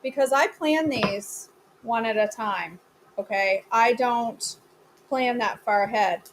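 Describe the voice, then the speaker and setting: A chatty woman hosts a casual live cooking stream from her home kitchen, answering viewers as she goes. Her voice sits a little high, with a faint hum behind it. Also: slow. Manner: chatty, replies to viewer comments. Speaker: cooking class host.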